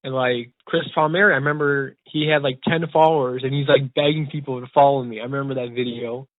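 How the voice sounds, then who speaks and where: Young male podcast host, rambling and excited; dead, narrow phone-quality audio. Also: mid-range voice, quick pace, no room sound. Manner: rambling, eager, many restarts. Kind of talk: casual storytelling chat. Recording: tinny phone-like dry sound.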